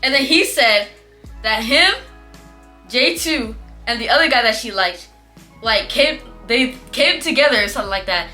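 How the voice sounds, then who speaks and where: A young woman tells a story in a chatty, animated way, acting out what her classmates said in playful voices. Her voice is bright and on the high side, and it swings up and down a lot. Faint music plays behind her. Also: moderate pace. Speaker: vlogger. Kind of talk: casual storytelling.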